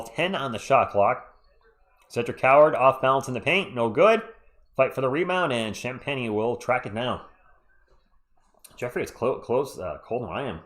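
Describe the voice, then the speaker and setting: Congested guy doing fan play-by-play, bouncy lively voice, keeps chatting with the chat between plays. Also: mid-range voice. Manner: chatty, reads live chat between calls. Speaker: live stream play-by-play host.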